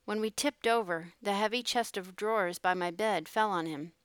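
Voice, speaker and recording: A woman's voice: medium pitch, moderate pace, fairly bright tone, clean tone, no echo, studio quality, natural voice. A woman reading the lines of a worried, grieving man trapped in a flooded boxcar, in an urgent manner.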